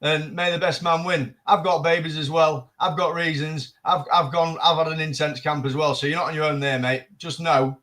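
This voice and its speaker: Calm young boxer. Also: male voice, on the high side, moderate pace, hardly any pauses. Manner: level-headed, dismisses trash talk, repeats short lines. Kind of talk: calm pre-fight face-off.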